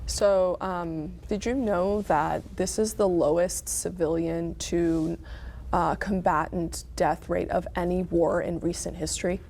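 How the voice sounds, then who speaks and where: Combative lower-voiced woman. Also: fairly even intonation, a little slow, gravelly, a little mellow, a little hiss or hum. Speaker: debate participant. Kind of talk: panel debate.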